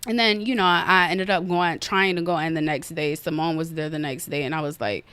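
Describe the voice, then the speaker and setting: A young woman hosting a casual podcast, retelling a story in an animated, fast way and acting out her own outbursts, recorded on an iPad. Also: deep voice, clean tone, dry recording. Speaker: podcast host. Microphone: iPad on an unsteady stand.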